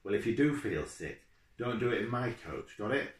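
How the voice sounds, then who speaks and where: A man voicing a gruff, harsh middle-aged coach driver who speaks bluntly and curtly in a storybook reading. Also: lowish voice, animated, moderate pace, pitched above the performer's own voice, close to an everyday voice. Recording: echoey room.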